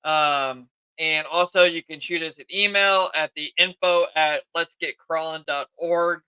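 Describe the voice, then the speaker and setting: A man's voice: fairly high pitch, fairly even intonation, unhurried, bright, forceful tone, clean tone, no room sound, rough recording. A man hosting a live podcast in a chatty, eager way, admitting he's tired. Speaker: podcast host. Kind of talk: casual live podcast chat.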